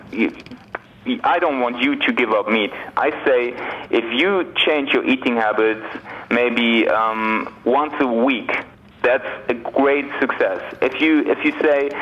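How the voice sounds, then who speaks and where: A man from Germany with a German accent, a guest author in a radio interview, talking in a relaxed, chatty way with many fillers. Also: medium pitch, lo-fi sound.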